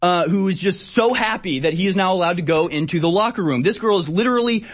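A man's voice: high-pitched, fast talker. A man delivering opinionated commentary in a sarcastic, emphatic ranting manner. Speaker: political commentator.

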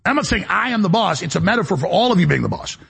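A man hosting a talk show, delivering a rambling, emphatic monologue in a gravelly, raspy voice. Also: sits high, big pitch swings, very fast, a bit bright. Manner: emphatic, boastful, jumps between topics.

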